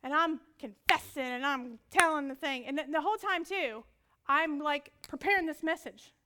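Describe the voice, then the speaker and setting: A woman preaching a sermon, telling a personal story with lively audience prompts and frequent laughter. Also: high-pitched, moderate pace, noisy background. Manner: laughs often.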